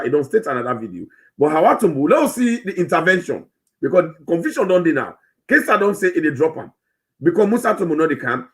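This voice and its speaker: With a voice on the high side and a bit bright, a political commentary channel host speaks in a Sierra Leonean Krio-English accent. His opinion commentary rambles and searches, with frequent restarts.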